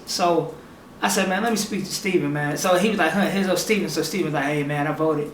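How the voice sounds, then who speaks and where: A young man casually telling a personal story, animated and acting out what others said. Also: fairly high pitch, fairly quick, a little hiss or hum. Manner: animated, acts out other people's lines in quotes. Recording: echoey room, mic at a distance.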